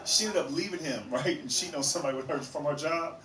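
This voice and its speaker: A man's voice: a little high, fast, crowd noise. A man doing stand-up comedy, telling stories dryly and checking in with the audience. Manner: dry storytelling, checks in with audience. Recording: echoey club, noisy, from far off.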